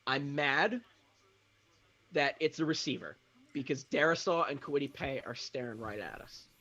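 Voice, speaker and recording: A man's voice: medium pitch, normal speed, bright, forceful tone, lo-fi sound. A man co-hosting a live sports draft reaction, anxious and talking himself through his opinions. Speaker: sports show co-host.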